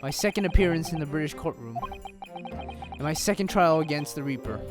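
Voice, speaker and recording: A man's voice: a little high, expressive, a little fast, pitched below the performer's own voice, close to an everyday voice. A man voicing a young male Japanese law student, earnest and resolute. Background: game music.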